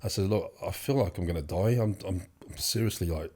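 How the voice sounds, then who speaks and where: Talking fairly quickly in a low, darkish voice with a breathy edge, a young man tells his story as a guest in an interview. His casual storytelling wanders, with lots of fillers and restarts.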